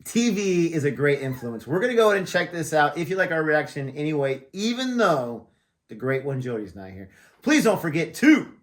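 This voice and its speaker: A man's voice: a little high, very animated, a little fast. A man from the United States hosting a reaction channel, joking and chatting casually with a friend at that friend's house. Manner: jokey, chatty, laughs often. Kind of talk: casual chat.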